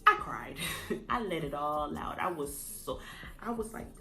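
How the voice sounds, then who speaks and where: Young woman, storytime vlog, lowish voice, soft music under it, super animated. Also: unhurried. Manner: animated storytelling, jumps pitch for quoted lines. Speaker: vlogger.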